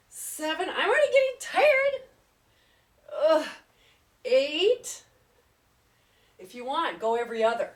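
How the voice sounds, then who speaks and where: A woman fitness trainer leading an exercise class, chatty and upbeat, counting reps aloud and getting out of breath. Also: high-pitched. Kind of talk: live exercise class instruction. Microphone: camera at a distance. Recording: echoey room, voice far from mic.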